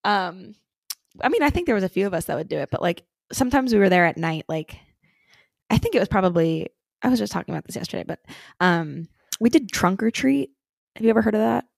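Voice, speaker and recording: Young woman co-host, low and gravelly, dry close sound, laid-back chatty reads. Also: lively intonation, fast talker, dry recording. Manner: laid-back, swears casually. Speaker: podcast co-host. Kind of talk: casual chat, reading listener stories.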